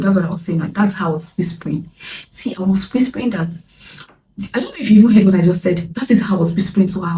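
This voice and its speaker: A woman's voice: medium pitch, fast talker, mellow, a little hiss or hum. A young Nigerian woman telling a personal story in a candid, dramatic way, dipping into whispers. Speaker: vlogger. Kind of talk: storytime vlog. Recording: roomy echo, distant from mic, faint ambience.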